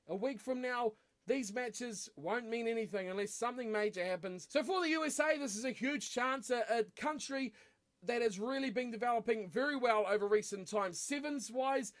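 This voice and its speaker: A man with a New Zealand accent talking through his rugby match predictions in a chatty, rambling way, with frequent fillers and restarts. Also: sits high. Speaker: rugby channel host.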